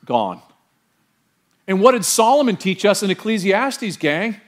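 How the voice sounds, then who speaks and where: A middle-aged man pastor preaching an animated sermon and quizzing the congregation with questions. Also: high-pitched, unhurried.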